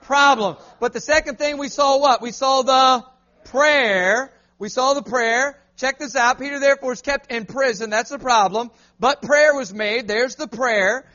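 A man preaches an animated call-and-response sermon in a church. The recording sounds a little muffled. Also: extremely high pitch. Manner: animated, asks the crowd to answer back.

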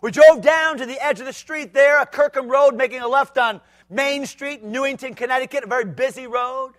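A male pastor preaching a sermon, swinging between loud shouted outbursts and quiet low asides, with joking side remarks. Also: brisk. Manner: jokey humorous asides.

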